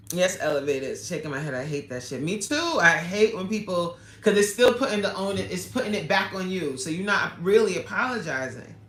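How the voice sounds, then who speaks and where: A woman's voice: lowish voice, animated, a little fast, few pauses, fairly bright tone. Emphatic woman coach on a livestream. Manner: emphatic and candid, with frequent laughs. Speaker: fitness coach hosting a livestream. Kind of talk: casual live chat, answering viewer comments. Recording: echoey room with faint ambience.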